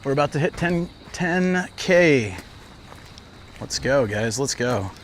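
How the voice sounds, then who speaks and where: Walking outdoors on city streets, this man chats casually to his livestream audience, his medium-pitched voice expressive and unhurried. His storytelling wanders and leans heavily on fillers, with traffic and city sounds all around him.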